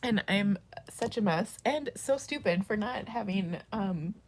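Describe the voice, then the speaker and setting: A middle-aged woman hosting a casual live stream, tearful and crying on and off, talking haltingly with many restarts and soft laughs. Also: mid-range voice, expressive, a little hiss or hum. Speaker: host of a craft live stream. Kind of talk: casual livestream chat.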